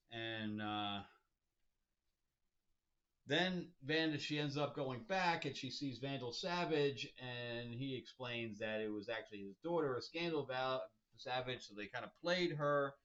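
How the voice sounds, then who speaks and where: A man's voice: medium pitch, expressive, a little slow, a bit bright. A man hosting a casual comic review, rambling and amused, with chuckling asides. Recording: dull lo-fi recording.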